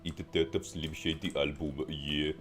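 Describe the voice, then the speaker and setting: A man doing a deep laid-back drawling guy. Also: steady tone, quick pace, a little mellow, soft background music. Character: laid-back adult man with a put-on accent.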